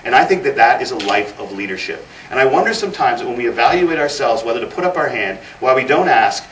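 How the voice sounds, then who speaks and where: A man's voice: medium pitch, expressive, fast. A man in his thirties giving a motivational speech as guest speaker, telling stories with emphatic repetition. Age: 30s. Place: event hall. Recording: roomy, distant mic, faint noise.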